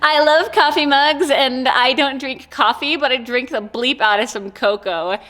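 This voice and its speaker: Bubbly, rambling higher-voiced woman. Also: measured pace, fairly bright tone. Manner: bubbly, giggly, rambling with many "like"s. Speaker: corset maker and vlogger. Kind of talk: casual unboxing chat.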